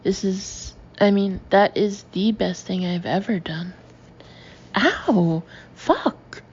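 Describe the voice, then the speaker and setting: Slow, gravelly woman narrating a novel. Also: medium pitch, fairly even intonation, a little mellow, highs cut off, slight background noise. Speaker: audiobook narrator. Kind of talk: first-person novel reading.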